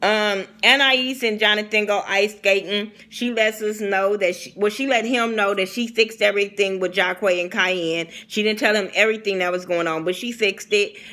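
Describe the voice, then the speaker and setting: A young woman talks straight to camera in a casual recap vlog. She is blunt, opinionated and profane. Her voice is bright and forward. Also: mid-range voice, fairly even intonation, normal speed, few pauses. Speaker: TV reality show reviewer.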